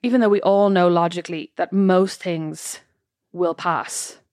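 A woman's voice: fairly low pitch, fairly even intonation, a little slow, darkish tone, no room sound, clean studio sound. A woman co-hosting a casual chat podcast, talking things through with lots of "like" and "you know". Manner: reflective, talks things through with many fillers. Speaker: podcast co-host.

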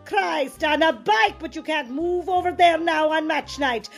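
A woman's voice: very high voice, a little slow, gravelly, soft background music, full character voice. An actress playing a chatty middle-aged rural woman from North Cork with a North Cork accent, writing in to an advice column. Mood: gossipy. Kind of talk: comic radio sketch.

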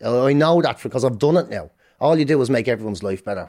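An Irish man in his forties, a guest on a podcast, speaking candidly with forceful emphasis and plenty of swearing. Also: mid-range voice, expressive, quick pace. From Ireland. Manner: emphatic, heavy swearing, repeats points forcefully. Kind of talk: candid interview talk.

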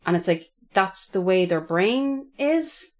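A woman's voice: mid-range voice, animated, slow. A woman co-hosting a podcast, talking casually and bluntly, swearing freely and retelling what people said. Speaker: podcast co-host. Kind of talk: casual true-crime podcast chat.

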